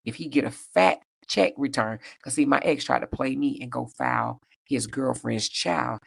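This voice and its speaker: A woman hosting a casual livestream, reading viewer comments aloud in a sassy, animated way, laughing often and jumping up in pitch for emphasis. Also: normal speed, creaky, slightly rough, no room sound, clean studio sound. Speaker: livestream host.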